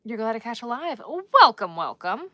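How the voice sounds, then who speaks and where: Bright-voiced woman chatting on a livestream. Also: a little high, sing-song, normal speed, dry recording, studio quality. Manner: chatty, laughing, playfully trying out accents. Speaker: crochet livestream host. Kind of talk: casual live-stream chat with viewers.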